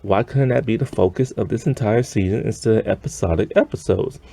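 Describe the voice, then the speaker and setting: A man's voice: fairly low pitch, fairly quick, gravelly, warm tone, breathy edge. A man ranting in an exasperated, rambling way about a TV episode, sighing often. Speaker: show reviewer. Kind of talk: ranting TV review.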